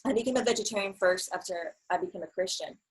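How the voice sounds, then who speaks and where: A young woman in casual conversation, telling her story in an animated way and acting out what others said. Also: medium pitch, fast, slightly rough, poor audio. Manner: animated storyteller, acts out quotes. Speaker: guest.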